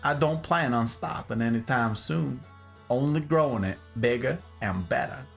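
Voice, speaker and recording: A man's voice: medium pitch, moderate pace, gravelly, faint music behind, lightly acted. A man voicing a genteel Southern debutante woman with a put-on Southern US accent, reading a chat answer in a drawling, polite voice. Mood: earnest.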